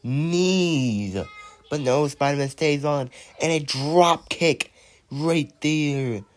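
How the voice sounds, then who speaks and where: A man who is sick and speaking low, giving play-by-play wrestling commentary and counting out the pins. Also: extremely slow, dry recording. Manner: counts pins aloud and announces winners.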